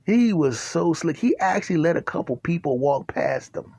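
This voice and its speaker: A man hosting a podcast, telling an absurd comic story in an animated way and often asking "right?". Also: fairly high pitch, moderate pace, vocal fry, slightly rough, no echo. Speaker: podcast host.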